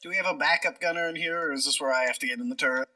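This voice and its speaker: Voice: mid-range voice, rapid-fire, sharp tone, distant mic, rough recording. A tabletop game player who thinks aloud and explains tactics at length. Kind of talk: tabletop role-play chat.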